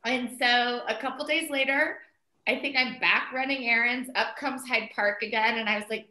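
A middle-aged woman telling a story in casual conversation, animated and chatty, full of "like" and "um" fillers as she quotes herself. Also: a little high, normal speed. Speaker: interview guest, mother of the co-founder. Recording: roomy echo.

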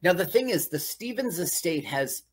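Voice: medium pitch, expressive, normal speed, slightly rough. A podcast co-host chatting casually over a movie, asking questions and joking along. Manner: chatty, asks questions, laughs at the jokes. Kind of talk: casual film commentary.

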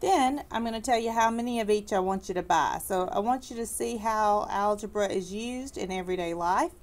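Patient woman math teacher explaining. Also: mid-range voice. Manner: patient, explanatory, slows down to stress key words; light corny humor for students. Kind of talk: recorded classroom math lesson.

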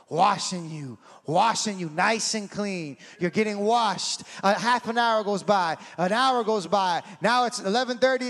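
Animated preacher man, high voice, hall reverb. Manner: animated, acts out scenes, swings from shouting to hushed. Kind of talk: sermon.

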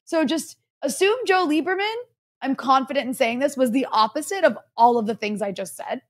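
A woman's voice: high-pitched, brisk. A woman co-hosting a political talk show, sardonic and emphatic, with many "like" fillers. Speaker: co-host. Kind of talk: casual political commentary.

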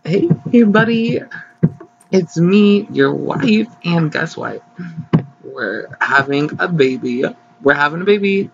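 A man voicing an excited young woman Sim, a video game wife telling her husband big news in a gushing, sing-song way, recorded on slightly dull lo-fi audio. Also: a little high, takes it slowly, gravelly, slight background noise, voice pushed up, exaggerated voice.

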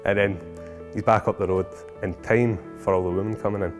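A man telling a family anecdote in a lively, animated, chuckling way. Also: on the low side, fairly quick. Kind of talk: casual storytelling. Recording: music behind.

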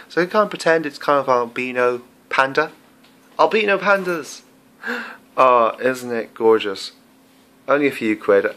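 A man chatting casually in a travel vlog, excitable and full of fillers, filming himself indoors and then outdoors on a handheld camera. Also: medium pitch, a little hiss or hum. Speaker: travel vlogger. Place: hotel room, then outdoors at a castle.

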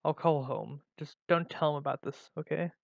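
A man voicing an exhausted, anxious teenage girl who speaks in a weak, halting way. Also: fairly high pitch, vocal fry, a little mellow, no echo. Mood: weary. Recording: dull lo-fi recording.

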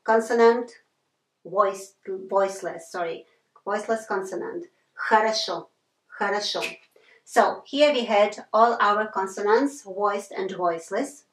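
Female teacher, slow and patient, roomy echo, mic set back. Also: mid-range voice. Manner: patient, repeats sounds many times, apologizes for slips. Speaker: language teacher. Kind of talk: slow whiteboard lesson with repeated examples.

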